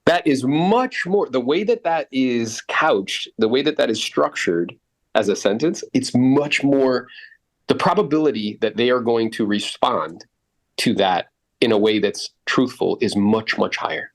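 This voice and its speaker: A man's voice: mid-range voice, lively intonation, measured pace. A man coaching real estate agents in a podcast conversation, blunt and profane, acting out both sides of sales calls. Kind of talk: coaching talk with acted-out sales scripts.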